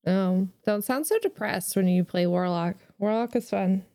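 A woman's voice: mid-range voice, normal speed, warm tone, dry recording, clean studio sound. A woman co-hosting a podcast in casual chat, bubbly and playfully teasing, laughing often. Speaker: podcast co-host.

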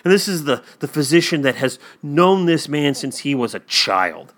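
A man's voice: on the high side, very animated, normal speed, fairly bright tone. A man co-hosting a casual talk about a TV episode, telling stories with many fillers and acting out the quotes. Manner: rambling storyteller, many fillers, acts out quotes.

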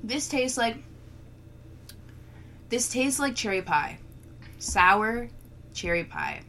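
A woman co-hosting a casual chat, playful and quick to laugh, swearing freely while tasting a beer. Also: a little high, lively intonation, a bit bright, slight background noise.

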